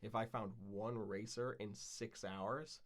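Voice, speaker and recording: A man's voice: fairly low pitch, fairly even intonation, slow. Rambling man telling a field story. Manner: rambling, frequent fillers and swearing. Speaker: podcast co-host. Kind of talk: casual storytelling chat.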